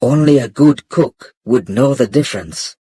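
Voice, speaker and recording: Storybook old monk with a Chinese accent, calm and exacting, voiced by a man, unhurried and breathy, dry close sound. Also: mid-range voice, no echo. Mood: gentle. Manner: slow, quiet, measured.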